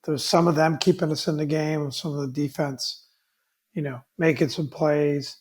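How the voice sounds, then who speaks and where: A man's voice: on the high side, little pitch movement, moderate pace, a little mellow. A man co-hosting a sports podcast, rambling through his points with loose casual talk. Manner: rambling, many fillers and restarts, laughs easily. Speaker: podcast co-host.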